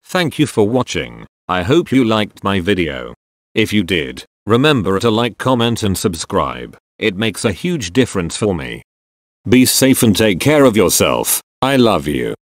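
Man reading a chat story, lively. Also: on the low side, unhurried, no room sound. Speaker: fan fiction narrator. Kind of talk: reading a text-message story aloud.

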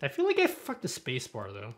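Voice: mid-range voice, huge pitch swings, fairly quick, a little hiss or hum. A livestreamer chatting casually on stream while showing off a build, rambling and self-mocking, laughing often. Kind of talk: casual live stream chat.

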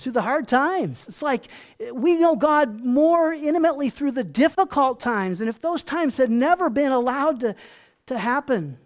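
A pastor preaching a sermon in a folksy, conversational way, asking the congregation questions and dropping soft and low on tender points.

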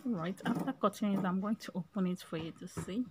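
A woman's voice: mid-range voice, fast talker, background noise. A woman giving a casual step-by-step sewing tutorial, chatty and often checking in with "okay?", her voice breaking into a whisper at times.

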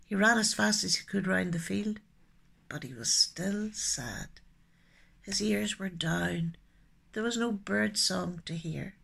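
A woman telling children's stories expressively, dropping into soft hushed asides. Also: medium pitch, takes it slowly, creaky, breathy edge. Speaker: storyteller and poet. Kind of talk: children's storytelling.

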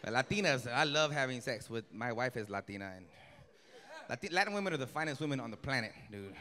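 Animated stand-up comedian working a crowd. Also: male voice, mid-range voice, fast. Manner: animated, puts on voices for characters. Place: comedy club stage. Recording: live comedy club with loud crowd and long reverb. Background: loud audience laughter.

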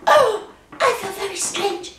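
A woman's voice: very high voice, expressive, slow, a bit bright, roomy sound, slight background noise, heavily acted. A woman voicing a spoiled little princess puppet, wide-eyed and chatty. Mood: wondering. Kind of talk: children's puppet show.

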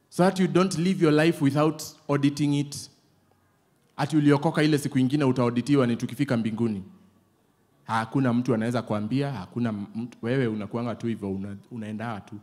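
A pastor with a Kenyan accent and a mid-range voice delivers a sermon full of lively, playful stories. He switches often between English and Swahili.

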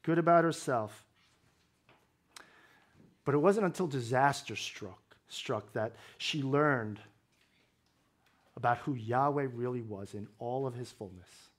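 A man's voice: medium pitch, slow, long pauses. A male pastor preaching a sermon, explaining scripture in a conversational way with wry humor.

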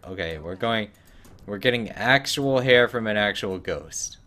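A man gives casual gameplay commentary while he streams, trading in dry sarcasm and joking asides. His voice sits a little lower than average for a man, and his delivery is loose and conversational. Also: lively intonation, a little slow, sharp tone. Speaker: gaming streamer.

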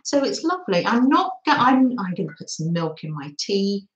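A woman's voice: mid-range voice, big pitch swings, moderate pace, lo-fi sound, a little hiss or hum. Giggly chatty woman, echoey room. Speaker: craft vlogger. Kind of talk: casual live-stream chat. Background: pet dogs nearby.

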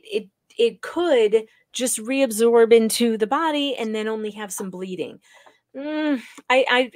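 A woman hosting a live stream, skeptically arguing her point step by step with quick restarts. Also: a little high, no echo, clean studio sound. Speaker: livestream host. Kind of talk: casual live-stream commentary.

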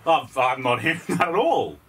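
Bright-voiced Australian man, lively chat. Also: mid-range voice, normal speed, husky. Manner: laughs often, swears casually. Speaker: podcast co-host. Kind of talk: casual chat.

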